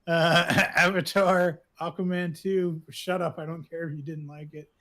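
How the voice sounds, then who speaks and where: A man's voice: a little high, little pitch movement, a little slow, bright, forceful tone. A man co-hosting a podcast, chatting casually about shows he likes, rambling with lots of filler words and frequent laughs. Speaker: podcast co-host. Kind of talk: casual chat recommending shows.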